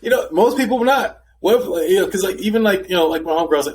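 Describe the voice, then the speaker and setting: A man co-hosting a podcast, chatting loosely and leaping into squeaky, excited voices whenever he quotes someone. His talk is casual and full of fillers. Faint noise hums under the recording. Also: fast talker, low-quality recording. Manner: animated, jumps into high excited voices when quoting people. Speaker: podcast co-host. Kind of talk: casual chat.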